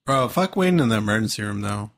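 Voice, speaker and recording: A man's voice: fairly low pitch, lively intonation, fast talker. Young man telling a profane story. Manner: profane storytelling, laid-back slang. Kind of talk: casual chat.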